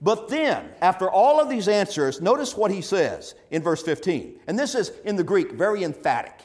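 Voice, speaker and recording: Emphatic man preaching, high and lively. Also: normal speed. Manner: earnest, emphatic, with rhetorical questions. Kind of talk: sermon.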